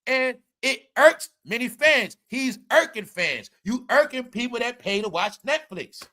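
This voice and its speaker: Male host, high bright voice, animated profane commentary. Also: measured pace. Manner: animated, mock-courtroom ranting, profane. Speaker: show host.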